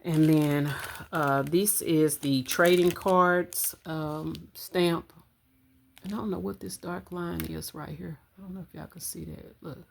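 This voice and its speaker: A budgeting vlogger speaks to camera at home in a low, deep voice with vocal fry, a little slowly, relaxed and chatty, calling her viewers y'all. She counts out small amounts aloud, filmed on a camera on a stand with faint hiss in the background.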